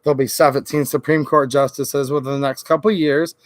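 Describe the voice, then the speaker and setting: A man's voice: mid-range voice, fairly even intonation, fairly quick, dry recording. A man from Michigan ranting sarcastically on a late-night political livestream. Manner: ranting, sarcastic, mocks senators in quoted voices. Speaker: political YouTuber.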